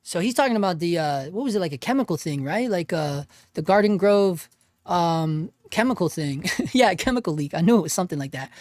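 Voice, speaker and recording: A man's voice: high voice, lively intonation, brisk, no room sound, studio quality. A man hosting a casual livestream, reading chat aloud in a laid-back way, laughing often and calling people dude and bro.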